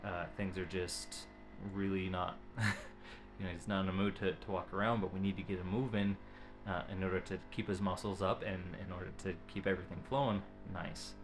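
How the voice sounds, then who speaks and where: A man giving a casual vlog update about his family, talking in halting phrases and often restarting them, into a camera he adjusts himself. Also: deep voice, level tone, over music.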